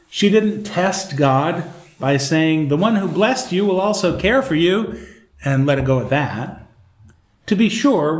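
A man's voice: fairly high pitch, darkish tone. Man leading Bible study in echoey room. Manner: conversational, with fillers. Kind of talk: devotional reading and Bible teaching. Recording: roomy echo, faint noise.

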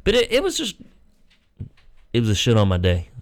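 A young man on a podcast, telling a crude comic story and swinging his voice up and down when he acts out what people said. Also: normal speed. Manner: animated, swings his pitch when acting out quotes. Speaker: podcast co-host.

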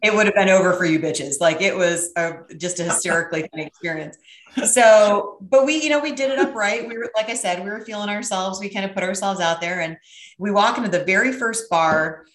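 A middle-aged woman telling a brash, profane, animated story in casual chat. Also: mid-range voice, brisk, reverberant, a little hiss or hum.

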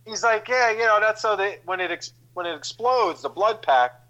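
Guy, slightly high voice, profane storyteller who acts out the dialogue. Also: animated, normal speed, bright, forceful tone, highs cut off. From New Jersey. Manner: profane, loose, acts out quoted lines. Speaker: guest actor. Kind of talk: casual storytelling.

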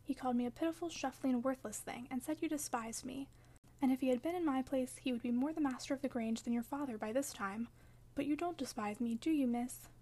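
A woman voicing a sickly, peevish teenage boy in an audiobook, fretful and self-pitying, often dropping to a hushed whisper. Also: sits high, fairly quick. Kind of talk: audiobook character reading.

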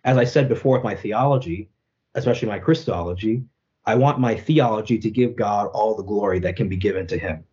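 In a reflective interview, a young adult Catholic apologist speaks earnestly and thoughtfully, often tossing in "right?" and "you know." His lowish voice is a little fast and dark-toned, and the recording is muffled.

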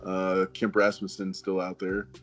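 Relaxed low-voiced man telling stories. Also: a little slow, loud music behind the voice. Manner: relaxed storyteller, chuckling often. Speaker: guest, former football player. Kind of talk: casual podcast chat.

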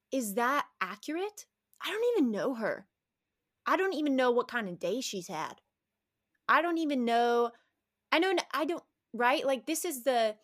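A woman speaking as an interview guest, animated and candid, often restarting sentences and laughing as she talks. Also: a little high, no echo, studio quality.

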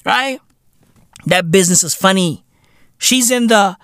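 A South African man hosting a podcast, ranting alone and swearing heavily. He slips local slang and Sesotho phrases into his English and swings from low mutters to loud shouts. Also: sing-song, a little slow, dry recording, studio quality. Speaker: podcast host. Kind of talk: solo profane rant.

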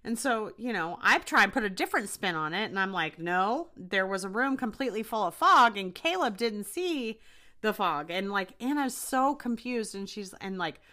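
A young woman hosts a podcast and recounts a personal experience in a loose, chatty way, full of "like" and "you know." Her pitch moves a lot and her tone is bright. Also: moderate pace. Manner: chatty, animated retelling with frequent fillers. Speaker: podcast host. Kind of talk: casual storytelling.

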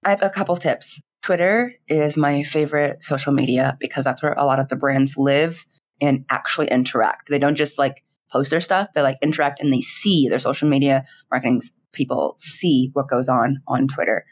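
A young woman, a streamer, chatting in an interview in a giggly, animated way, full of fillers and quoted dialogue. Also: a bass voice, normal speed. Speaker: streamer and content creator. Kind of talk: casual interview chat.

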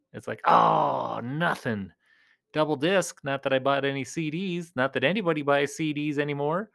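Playing a clown persona, a man hosts a collecting show and rambles chattily, addressing his audience as "you guys." His voice is a little high and a bit bright.

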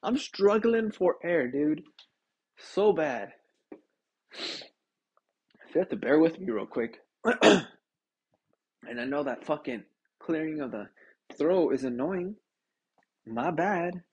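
Husky, congested young man ranting. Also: on the high side, slow, long pauses, muffled recording. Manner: profane, animated, says "dude" constantly. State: sick and congested, short of breath. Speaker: podcast host. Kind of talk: casual ranting monologue.

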